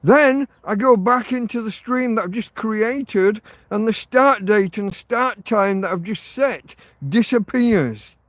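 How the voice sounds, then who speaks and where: A man's voice: high voice, takes it slowly, hardly any pauses, a bit bright, no room sound. A man hosting a rambling live stream from his phone, sweary and self-deprecating as he rants. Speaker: livestream host. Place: in or by a tent outdoors.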